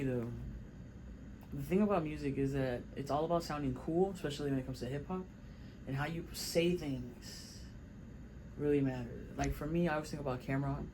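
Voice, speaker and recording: A man's voice: fairly high pitch, noisy background. A man vlogging from a music studio, thinking aloud in a loose, conversational way as he works on a song. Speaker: rapper vlogging his songwriting. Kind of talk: casual studio vlog talk.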